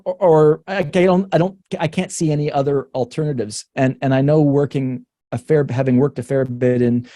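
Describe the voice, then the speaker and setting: A Canadian researcher talks frankly on a webinar, thinking aloud, restarting sentences and laughing now and then. His voice is warm and mellow, recorded dry and close. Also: mid-range voice, no room sound. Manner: laughs between points. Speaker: researcher guest. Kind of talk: webinar conversation.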